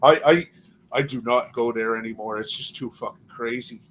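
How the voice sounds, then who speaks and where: A man's voice: medium pitch, level tone, moderate pace, fairly bright tone. Blunt swearing American man, faint hiss. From American Midwest. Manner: blunt, laughing, heavy swearing. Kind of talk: casual chat.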